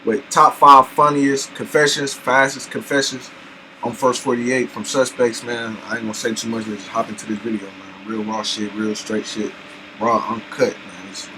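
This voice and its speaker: A man hosting a reaction video, talking loud and slangy as he argues back at the clip. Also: mid-range voice, little pitch movement, moderate pace, background noise. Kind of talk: casual reaction commentary.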